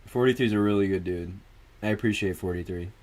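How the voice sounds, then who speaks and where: A man's voice: lowish voice, fast talker, a little mellow. Casual, profane male livestreamer. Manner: loose, profane, laughs often; answers viewers directly. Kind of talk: casual stream chat.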